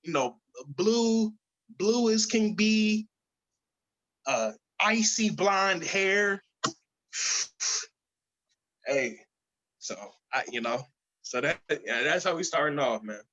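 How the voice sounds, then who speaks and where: A man's voice: sits high, lively intonation, drawn-out words, pauses often, sharp tone, lo-fi sound. A man co-hosting a podcast in casual chat who jokes around and trails off into fillers. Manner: loose, joking, trails off with fillers. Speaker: podcast co-host.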